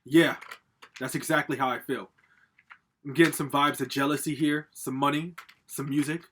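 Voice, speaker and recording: At home with a laptop, a man gives a casual pick-a-card tarot reading, speaking directly to viewers at normal speed in a fairly high, steady, fairly bright voice, with a little hiss or hum. He's loose and profane, rambling with frequent fillers and laughs.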